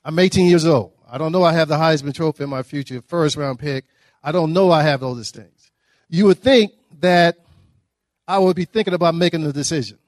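A middle-aged man with a drawl gives a motivational talk and spins humorous stories with animated energy. His voice sits a little high for a man, and the sound is close and dry with no room echo. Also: brisk. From Dallas, Texas. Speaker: guest speaker. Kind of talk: motivational storytelling speech. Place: breakfast event hall.

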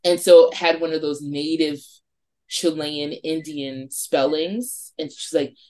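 A woman in her forties from New York, a podcast guest telling a spooky story in a lively way, swearing freely and acting out her friends' lines. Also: deep voice, slow pace. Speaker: podcast guest, wine shop owner.

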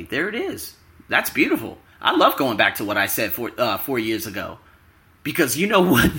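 A man's voice: fairly high pitch, bright, forceful tone. A man in a casual vlog monologue, talking emphatically and straight to his viewers. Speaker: YouTuber and podcaster.

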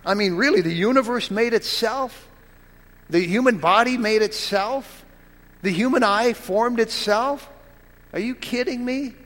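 A man's voice: high-pitched, fairly bright tone, in a large hall. A man preaching a sermon as pastor, reading scripture aloud and pressing his point with emphatic rhetorical questions.

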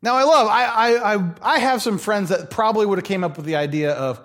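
A man's voice: high voice, fairly quick, a bit bright. A man preaching a church sermon, telling stories animatedly, acting out quoted voices and laughing often. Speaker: pastor.

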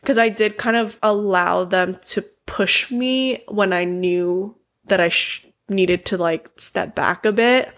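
A young woman hosting a casual interview, thoughtful and at ease. She laughs often as she talks, and her voice sits at an ordinary pitch. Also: slow pace. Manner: relaxed, reflective, laughs often. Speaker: host, former teammate.

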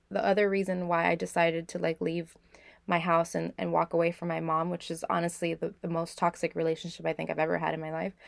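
A woman's voice: fairly low pitch, creaky, no echo. A young woman podcast host candidly telling her own life story in a reflective way, with many "like" fillers. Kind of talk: personal storytelling.

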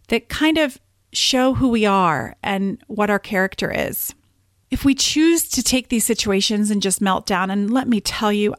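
A woman in her thirties talks casually on her own podcast, telling stories with lots of energy and frequent laughs. Her voice sits in a middle range. The sound is dry and close, with no room echo. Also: mid-range voice. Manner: animated storytelling with laughs. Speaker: podcast host and business coach. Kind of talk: casual solo podcast talk.

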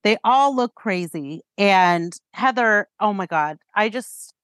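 A woman podcast co-host in casual gossip chat, recapping with animated emphasis. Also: mid-range voice, slow, dry recording.

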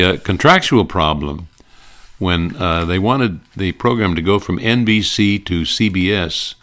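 A man's voice: low-pitched, a bit bright. An older man hosting, reminiscing in a chuckling, rambling way with lots of fillers. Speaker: host. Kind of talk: casual reminiscing about old radio comedy.

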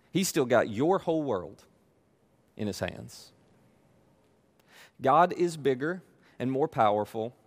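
A man preaching a sermon with emphatic repetition and playful asides. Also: mid-range voice. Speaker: pastor.

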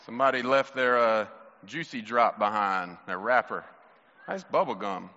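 A man's voice: fairly low pitch, normal speed, sharp tone. A man pastor, asking children playful questions during a children's sermon in church. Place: church sanctuary. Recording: muffled church recording with long reverb.

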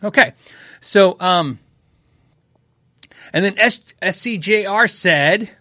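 A man's voice: high-pitched, expressive, takes it slowly, pauses often, sharp tone, dry recording. A man hosting a casual live question-and-answer show, rambling, correcting himself and chuckling often. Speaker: host answering viewer questions.

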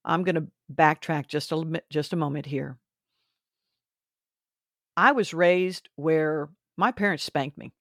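A woman's voice: deep voice, measured pace, pauses often, dry recording, studio quality. A woman hosting a faith and parenting podcast, talking earnestly and instructively, a little preachy. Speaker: podcast host. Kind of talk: faith-based parenting talk.

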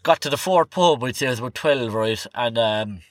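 A young Irish man, a podcast guest, tells a rambling story about a night out in a medium-pitched voice with lively intonation, speaking fairly quickly. He swears freely and tags sentences with "like" and "right?" in casual storytelling, recorded dry with clean studio sound.

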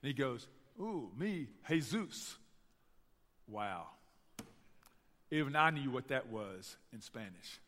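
A man with a Southern US accent from Tennessee, preaching a sermon and telling stories to his church in an animated way. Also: medium pitch, measured pace, pauses often, in a large hall. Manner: storytelling, animated, addresses the church directly. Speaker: pastor. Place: church sanctuary.

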